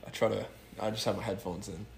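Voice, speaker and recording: A man's voice: lowish voice, fairly even intonation, fast talker, vocal fry, a little hiss or hum. Laid back guy hosting a podcast, just chatting. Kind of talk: casual chat.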